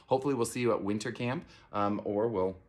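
Gushing, excitable man with a low voice. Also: quick pace, a little hiss or hum. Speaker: theater camp director. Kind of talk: promotional unboxing.

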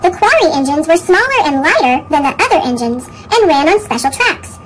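A woman reading children's picture books aloud with even storytelling, with a sped-up chipmunk pitch effect. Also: a little fast. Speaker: storybook reader. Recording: noisy sped-up recording.

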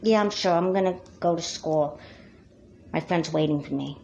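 A woman's voice: low-pitched, normal speed, creaky, darkish tone, highs cut off, slight background noise. A woman voicing a moody, secretive young girl in a doll movie who answers in a guarded, defensive way. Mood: evasive.

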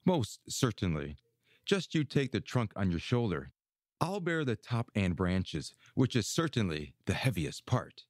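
A man's voice: on the low side, big pitch swings, a little slow, no room sound, clean studio sound, voice pushed down. A man voicing a boastful, clever little male tailor in a storybook reading, cocky in manner.

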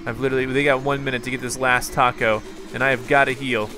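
A young man doing excited gameplay commentary, panicking and yelling in bursts, then settling into calm, chatty talk. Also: medium pitch, fast talker, music in the background. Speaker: gaming YouTuber.

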